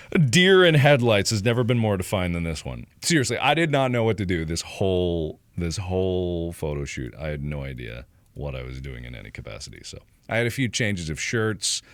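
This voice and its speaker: A man's voice: sits low, no room sound. A man streaming casually, joking and mocking himself as he talks. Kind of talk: casual livestream commentary.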